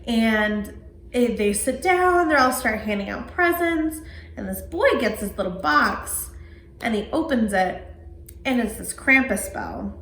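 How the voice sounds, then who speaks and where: A woman co-hosting a casual horror podcast, retelling movie scenes in an animated way. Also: fairly high pitch, a little slow. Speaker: podcast co-host. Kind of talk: casual movie review chat. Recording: roomy echo, faint background noise.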